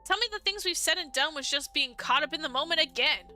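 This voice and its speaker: A woman's voice: high voice, expressive, fast, bright, forceful tone, soft background music, voice pushed up, full character voice. A woman voicing a heartbroken young man in a dating game, earnest and pleading.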